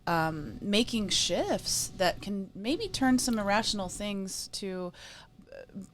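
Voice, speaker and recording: A woman co-hosting a casual talk on emotions and spirituality, emphatic and quick to laugh, often checking in with "right?". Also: mid-range voice, expressive. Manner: laughs easily. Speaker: co-host.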